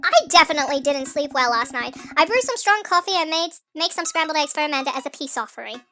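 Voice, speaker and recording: A woman narrating a story game with jokey asides and tripping over words, with a sped-up, pitched-up nightcore effect. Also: lively intonation, quick pace, bright, forceful tone, soft background music. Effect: sped-up, pitched-up nightcore edit. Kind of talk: playthrough narration with commentary.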